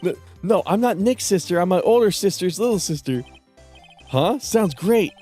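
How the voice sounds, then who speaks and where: A man's voice: high-pitched, lively intonation, moderate pace, mellow, faint music behind, voice pushed up. A man doing bubbly teen girl Maya Fey. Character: cheerful teenage girl sidekick.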